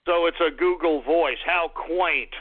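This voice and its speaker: A man runs a call-in radio show, combative and quick to curse as he rants at prank callers and talks with listeners. His voice sits high for a man. The sound is thin and tinny, as if coming through a phone line. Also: very noisy. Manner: combative, profane, ranting.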